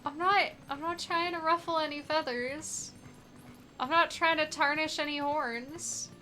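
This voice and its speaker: Playing a randomized adventure game on stream, this young woman gives casual, playful commentary full of "like." Her voice is high and sharp, with a steady tone and a measured pace.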